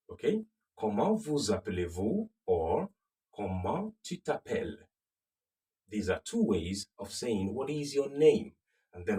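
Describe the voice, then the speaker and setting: Low-voiced guy teaching french, patient, repeats stuff slow, keeps saying okay, sounds a bit off-mic. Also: darkish tone, recorded from a distance. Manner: patient, repeats phrases slowly, checks with okay. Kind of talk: recorded language lesson.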